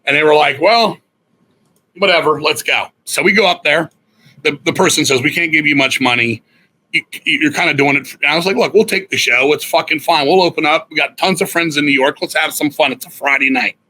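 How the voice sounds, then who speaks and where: A husky, hard-edged man in middle age, telling a story as a podcast guest. His voice sits a little high, and he swears freely as he acts out other people's lines. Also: fairly quick, sharp tone, rough recording. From Virginia, USA. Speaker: guest musician. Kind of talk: casual storytelling interview.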